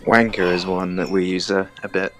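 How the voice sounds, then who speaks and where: A man's voice: low voice, flat delivery, moderate pace, fairly bright tone, soft background music. A British man on a voice call, casually and patiently explaining slang to friends. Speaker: stream guest. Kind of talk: casual voice-chat banter.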